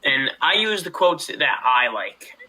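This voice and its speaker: A young man with a very bright, sharp voice and a lively, swinging pitch, talking casually on a podcast. His voice sits a little high for a man. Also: measured pace, poor audio. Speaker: podcast co-host. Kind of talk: casual chat.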